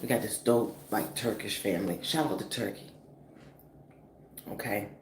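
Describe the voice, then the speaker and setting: A woman's voice: extremely low pitch, normal speed. Chatty woman in an echoey room. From northeastern US. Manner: animated, chatty, profane, with frequent fillers. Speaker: vlogger. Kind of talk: casual storytelling vlog. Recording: echoey room with faint noise.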